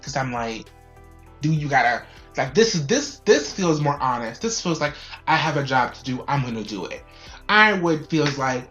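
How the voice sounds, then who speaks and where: A woman's voice: rumbling low, roomy sound, lo-fi sound. A woman giving a chatty, blunt episode review, swearing freely. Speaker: show reviewer.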